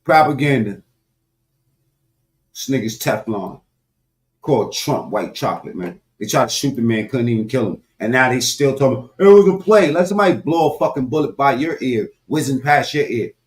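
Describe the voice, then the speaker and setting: A man giving a profane, animated political commentary rant, talking straight to his viewers with sudden loud swings. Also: mid-range voice, normal speed. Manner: animated, loud swings, heavy swearing, talks to viewers directly.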